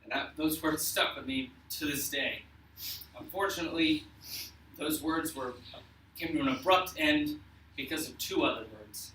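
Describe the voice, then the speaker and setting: Young man, earnest storyteller, fairly high bright voice, recorded far off in an echoey room. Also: a little hiss or hum. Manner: earnest and emotional, with halting restarts. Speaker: speaker telling a personal story to an audience. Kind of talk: spoken personal storytelling.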